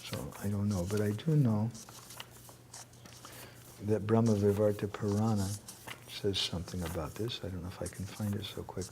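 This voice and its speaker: Lively man giving a spiritual talk. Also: fairly low pitch, normal speed, long pauses, slight background noise. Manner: animated, quotes verses, jokes and laughs. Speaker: speaker answering questions. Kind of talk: spiritual lecture with Q&A. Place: temple hall.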